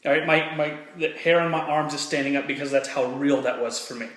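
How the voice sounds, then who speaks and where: Fired-up man with a high voice. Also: steady tone, fairly quick, a bit bright, roomy sound. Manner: earnest, fired-up, repeats phrases for emphasis. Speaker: motivational speaker. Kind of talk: personal story and motivational talk to camera.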